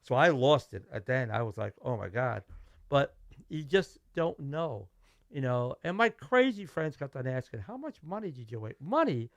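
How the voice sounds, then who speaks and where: A middle-aged musician with a Brooklyn, New York accent tells stories animatedly as a guest in a casual interview. His mid-range voice moves at a moderate pace in a dry recording, and he acts out quoted dialogue and restarts sentences.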